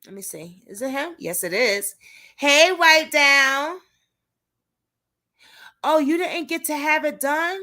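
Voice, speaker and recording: A woman's voice: sits high, normal speed, hardly any pauses. A woman hosting a casual livestream, chatting with her viewers and reacting to what she reads. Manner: animated, chatty, talks straight to viewers. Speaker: livestream host and advocate.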